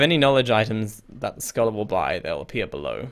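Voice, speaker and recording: A man's voice: lowish voice, sing-song, brisk, few pauses. Man reading a game aloud, chuckling and puzzled. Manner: reads game text aloud, chuckles, easily confused, casually profane. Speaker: let's play gamer. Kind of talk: casual gameplay commentary.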